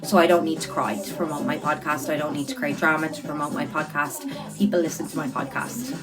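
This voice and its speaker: A woman's voice: low-pitched, fairly quick, loud music behind the voice. A young woman, hosting a casual livestream and reading out viewer comments in a chatty, earnest way, repeating words for emphasis. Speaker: livestreamer and podcast host.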